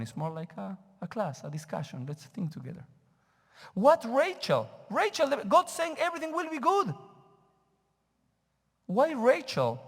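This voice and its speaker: Rabbi teaching in a reverberant sanctuary. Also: male voice, on the high side. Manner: questioning, discussion-style teaching to a congregation. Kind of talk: teaching sermon. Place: synagogue sanctuary.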